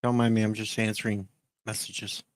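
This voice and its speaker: A man's voice: lowish voice, little pitch movement, normal speed, clean tone, dry recording. A man chatting casually on a live-stream voice call, making dry, wry remarks.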